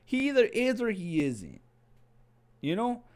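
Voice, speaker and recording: A man giving a casual, excitable review of a TV episode, rambling and slangy, often saying "dude". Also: sits high, unhurried. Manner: excitable, with many restarts.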